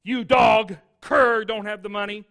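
A man's voice: sits high, fairly even intonation, unhurried, creaky, voice pushed up, heavily acted. A preacher playing a scornful tax collector who insults a man who cannot pay. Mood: contemptuous. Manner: sneering, loud. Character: contemptuous, cruel male tax collector.

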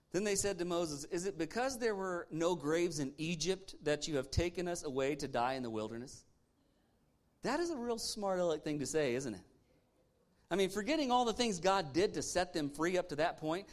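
A man preaching a sermon as pastor, animated and punchy, with sarcastic asides and rhetorical questions to the congregation. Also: fairly high pitch.

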